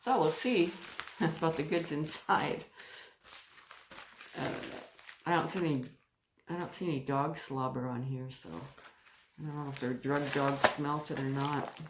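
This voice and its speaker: Speaking low and a little slowly, this woman from Canada keeps her intonation fairly even and pauses often. She's vlogging a casual crochet mail unboxing, gushing and giggling, and the recording has echo and noise.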